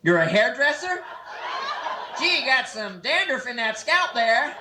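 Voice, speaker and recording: Brief: high-voiced young male comic, crowd-teasing stand-up, echoey club with audience noise. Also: very animated. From San Francisco. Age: 20s. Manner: loose, teasing crowd work with quick put-on voices. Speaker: stand-up comedian. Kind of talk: live stand-up set. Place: comedy club. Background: audience laughter.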